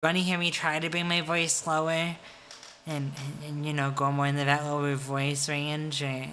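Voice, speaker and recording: A woman's voice: low voice, level tone, normal speed, fairly bright tone, slight background noise. A tipsy woman streamer chatting casually with viewers on a livestream, giggly and self-deprecating.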